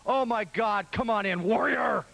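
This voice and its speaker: A man interviewing a wrestler on television, excitable and exclamatory. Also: high-pitched, unhurried, gravelly.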